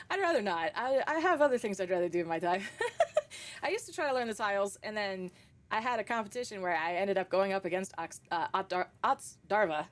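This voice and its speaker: A young woman live-streaming a horror game talks loosely and at length to her chat. She laughs a lot and swears without a second thought. Her pitch swings up and down in a lively way. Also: fairly quick. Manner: laughs often, swears freely, chatty and rambling.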